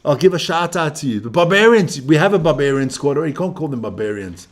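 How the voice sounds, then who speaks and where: A fairly high-voiced man runs a live rugby watch-along. His talk is brash and loose, full of swearing, teasing and jokes, and he keeps turning to talk to his viewers. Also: animated, fast talker. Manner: brash, profane, joking banter; chatty, talks to viewers and people nearby. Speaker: live stream host.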